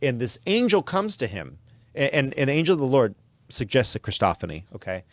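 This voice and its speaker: A man's voice: mid-range voice, big pitch swings, fairly quick, no echo. A man hosting a podcast, talking earnestly in a preaching manner and reading quotes aloud. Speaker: podcast host. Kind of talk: sermon-like commentary.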